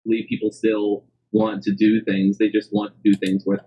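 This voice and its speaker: A man's voice: lowish voice, completely flat delivery, normal speed, mellow, breathy edge. A man speaking hesitantly with many fillers, heard as an interviewee in a played clip. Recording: dull lo-fi clip.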